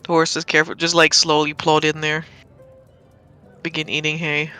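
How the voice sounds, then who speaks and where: Woman dm narrating a tabletop game, playful and chatty, bright voice, bit of music in the back. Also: sits low, completely flat delivery, normal speed, smooth, poor audio. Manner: playful and chatty, often laughing. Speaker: dungeon master.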